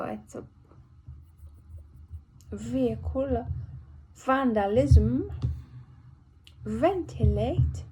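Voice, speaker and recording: An English woman works slowly through a word list, shaping each sound with careful, effortful precision as she relearns speech after a brain injury. Her voice is low-toned and mellow with a gravelly, husky grain. She pauses between each word at a very unhurried pace. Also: slight background noise. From England. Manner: slow, effortful, deliberate word-by-word articulation. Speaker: vlogger recording speech practice. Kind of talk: reading a word list aloud for speech practice.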